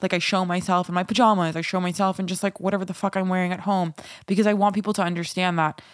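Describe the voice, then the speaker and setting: A woman's voice: fairly low pitch, flat delivery, fast talker, dry recording, clean studio sound. Candid, swearing young woman podcast host. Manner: open, rambling, swears freely, laughs often. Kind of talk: candid solo podcast talk.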